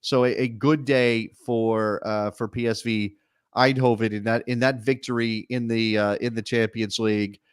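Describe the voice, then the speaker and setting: Wry animated soccer talk man. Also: mid-range voice, moderate pace, clean tone, no echo, clean studio sound. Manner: animated, wry, self-correcting restarts. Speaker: soccer show co-host. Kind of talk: casual sports talk.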